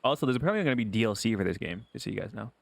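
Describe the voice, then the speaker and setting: Low, gravelly man streaming a game. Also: lively intonation, very fast, dry recording. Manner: joking, crude asides, chatting with viewers. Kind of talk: reading a visual novel aloud with commentary.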